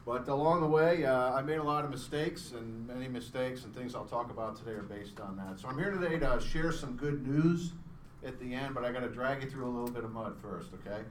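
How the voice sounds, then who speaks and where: A middle-aged man, a startup founder, giving a chatty, self-deprecating pitch presentation to a live audience and joking with the crowd. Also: a little fast. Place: event room with an audience. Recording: roomy sound from a distance, faint background hum.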